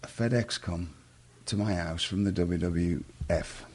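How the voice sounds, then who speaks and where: English man, middle-aged, very low husky voice, chatty rambling interview guest. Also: a little slow, a little mellow. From England. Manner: rambling, self-interrupting storyteller. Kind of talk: casual storytelling interview.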